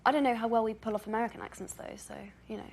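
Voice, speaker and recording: A woman's voice: fairly high pitch, steady tone, rapid-fire, vocal fry, breathy edge. A young woman with an English accent, a guest on a talk show, talking in a giggly way and hedging with lots of fillers. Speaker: guest actress.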